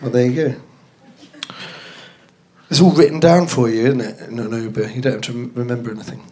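A man's voice: medium pitch, steady tone, brisk, mellow. A man co-hosting a podcast, chatting in a dry, wry way and laughing often. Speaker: podcast co-host. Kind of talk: casual chat.

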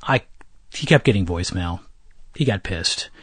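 A man, a podcast guest, telling stories in casual conversation with animated delivery and frequent restarts. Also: low voice, normal speed, slightly rough, dry recording. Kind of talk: casual storytelling interview.

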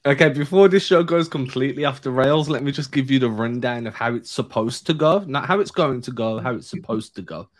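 A man's voice: mid-range voice, brisk, hardly any pauses. Joking male podcast host. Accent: non-American English. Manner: joking, lively banter. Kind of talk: casual chat.

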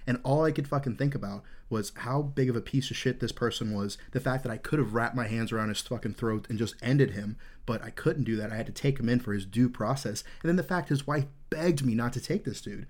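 A man's voice: medium pitch, a little fast, hardly any pauses, darkish tone. A man in his thirties hosting a podcast, telling a rambling, candid war story full of swearing. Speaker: podcast host.

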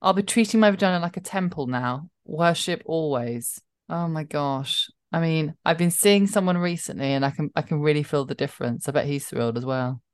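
A woman's voice: low-pitched, a little fast, few pauses, clear, resonant tone, no room sound. A woman co-hosting a casual radio chat, with a dry, cheeky, teasing delivery. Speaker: radio co-host.

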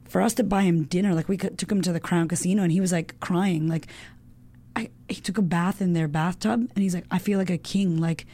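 A woman in her thirties tells a personal story as a guest, animated and emotional, with lots of fillers and casual swearing. Her voice is gravelly and mellow, sitting a little low. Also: fairly quick. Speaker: guest, women's coach. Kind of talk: casual chat.

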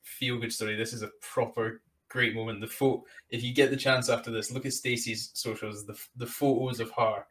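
A man's voice: medium pitch, flat delivery, moderate pace, hardly any pauses, a bit bright. A man from Britain hosting a podcast interview, enthusiastic and rambling as he recaps his guest's story. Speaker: podcast host. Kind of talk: casual interview chat. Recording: voice a bit far from the mic.

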